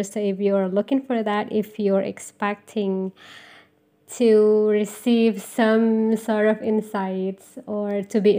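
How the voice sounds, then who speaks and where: A woman's voice: mid-range voice, mellow. A young woman from Indonesia with an Indonesian accent, rambling through a self-deprecating solo podcast intro with lots of ums. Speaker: podcast host. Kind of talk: casual solo podcast monologue.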